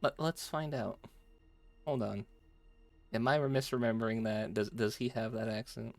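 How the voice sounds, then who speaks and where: A man's voice: mid-range voice, moderate pace, no room sound, soft background music. A man streaming a game, chatting and joking casually with his chat and laughing often.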